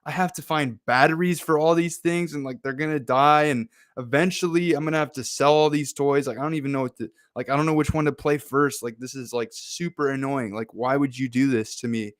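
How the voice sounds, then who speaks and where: A man's voice: mid-range voice, steady tone, brisk, few pauses, no echo, studio quality, lightly acted. A man voicing a pessimistic teenage boy who complains in an exasperated tone. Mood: whiny.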